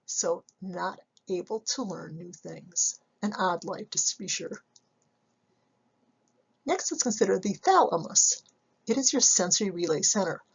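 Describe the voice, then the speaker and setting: A woman psychology instructor giving a recorded slide lecture, measured and explanatory, often asking rhetorical questions. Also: on the low side, animated, creaky, husky, muffled recording.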